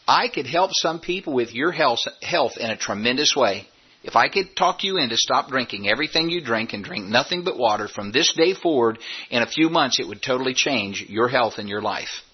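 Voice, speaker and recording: A man's voice: medium pitch, slightly rough. An older man preaching a sermon as a pastor, in a folksy, conversational way with humorous asides. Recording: dull lo-fi sound.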